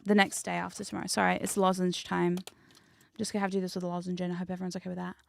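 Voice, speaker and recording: A woman streaming hypnosis content, chatting casually and teasingly with her live chat, sometimes dropping into soft whispers. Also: lowish voice, level tone, racing, vocal fry, a little hiss or hum. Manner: playful, teasing, rambling, drops into soft whispers. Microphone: studio condenser mic.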